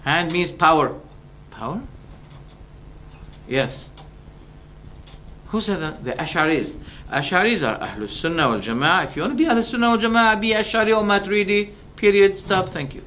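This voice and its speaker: An Islamic preacher with a fairly high voice gives a religious lecture to his listeners. Animated and rhetorical, he fires off quick questions and briefly acts out both sides of an argument. A faint background hum runs beneath him.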